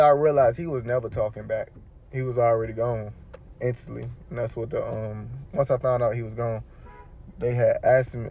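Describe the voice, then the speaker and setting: A man's voice: medium pitch, muffled recording. A man telling a personal story in casual street slang, rambling and repeating himself. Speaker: storyteller recounting his shooting.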